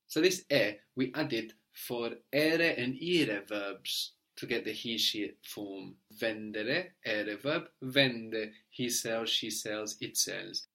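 This male language teacher has a fairly low pitch and a sharp tone. He patiently coaxes his student along, spelling out words one letter at a time and frequently tossing in a brief "no?" to check understanding.

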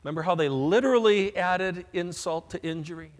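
Man preaching real slow, kinda high voice, big echo from a long hall, gets loud on key lines. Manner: slow, emphatic preaching with dramatic rises in loudness. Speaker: pastor. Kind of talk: sermon.

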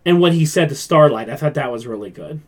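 Male podcast host, animated and profane, slightly high voice, acts out quotes. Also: fast talker. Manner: animated, acts out quoted lines, swears freely. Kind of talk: casual chat.

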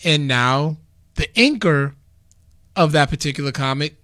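A slightly high male voice moving at a measured pace belongs to a podcast guest describing a convention. In easygoing chat he tells his stories with energy, laughs regularly, and acts out quotations.

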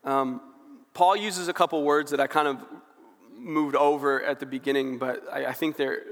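A man's voice: medium pitch, steady tone, moderate pace, a bit bright, in a large hall. A young man preaching a sermon in a casual, conversational way, often saying "like" and building in fervor as he goes. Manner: conversational, frequent "like" fillers, rising fervor.

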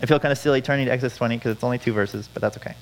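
A man's voice: mid-range voice, rapid-fire, low-quality recording. A man preaching a sermon, earnest, repeating key phrases for emphasis. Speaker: pastor.

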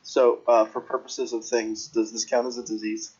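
A man's voice: lowish voice, level tone, moderate pace, darkish tone, breathy edge, muffled recording. Man declaring his character's moves. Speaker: player. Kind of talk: casual chat at a game table.

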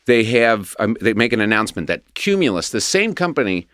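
A man's voice: on the low side, sing-song, a little fast, fairly bright tone, no echo, studio quality. A man talking candidly about his past in an open, self-deprecating way, as a guest in conversation.

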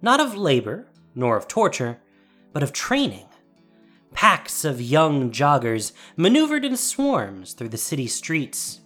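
A woman narrating a fantasy story with an expressive storytelling delivery. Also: deep voice, takes it slowly. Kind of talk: audiobook narration. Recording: faint music behind.

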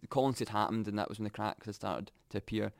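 A young Scottish man telling his own story candidly, reflective and halting, often restarting his sentences. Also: fairly low pitch, gravelly, no echo, studio quality.

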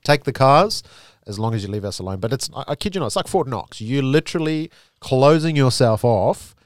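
A man's voice: medium pitch, lively intonation, fairly quick, no room sound, studio quality. A man from Africa, co-hosting a casual podcast and speaking emphatically. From South Africa. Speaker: podcast co-host. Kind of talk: casual chat.

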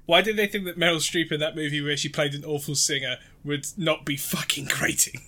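A man's voice: on the high side, fast, sharp tone. A man co-hosting a podcast in casual chat, theatrical and laughing often, with some swearing. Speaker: podcast co-host.

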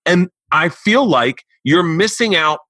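A man in his forties hosting a podcast, telling stories in an animated, rambling, profane way. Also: a little high, takes it slowly, dry recording. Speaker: podcast host. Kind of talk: casual chat.

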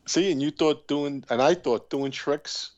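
A man's voice: a little high, measured pace, a little mellow, lo-fi sound. A man co-hosting a podcast, tossing in profane wisecracks during casual banter. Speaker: podcast co-host.

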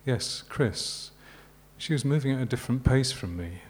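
A man from Yorkshire, an author reading his novel aloud at a live literary event in a measured, unhurried way. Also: mid-range voice, expressive, darkish tone. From Yorkshire, England.

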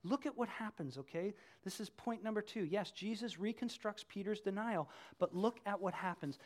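A pastor preaching a sermon, telling the story with animated swings from hushed to loud. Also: medium pitch, moderate pace.

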